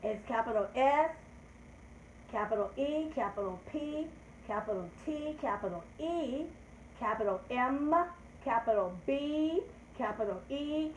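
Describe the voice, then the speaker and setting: Older woman, kids' lesson host; slow, sing-song teacher delivery, slightly high voice; echoey room. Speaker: children's show host teaching calendar. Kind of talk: live children's lesson. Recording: echoey room with faint background noise.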